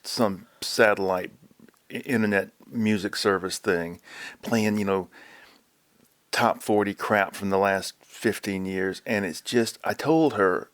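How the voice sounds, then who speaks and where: Low-pitched guy telling stories, rambly, dry mic. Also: fairly even intonation, no room sound. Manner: wry, rambling, with halting restarts. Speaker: podcast co-host. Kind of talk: casual chat.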